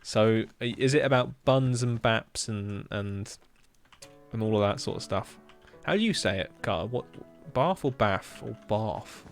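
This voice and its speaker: Casual streamer, Hampshire accent, lowish pitch, easy chatty banter over soft background music. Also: male voice, measured pace. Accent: Hampshire English. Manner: chatty, laughs often, reads out chat. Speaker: livestreamer. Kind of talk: casual live-stream chat.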